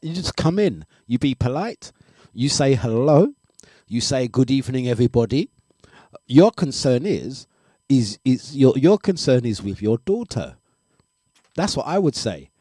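A man hosts a breakfast radio show and chats casually on air. He talks in an animated way, laughs often and repeats his phrases. His voice sits at an ordinary pitch and sounds dry and close on a studio microphone. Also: unhurried, no room sound. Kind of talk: casual live radio chat.

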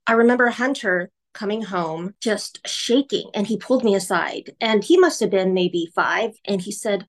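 A woman's voice: mid-range voice, normal speed, hardly any pauses. A woman guest candidly recounting her personal story in an interview. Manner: candid, earnest, recounting vividly.

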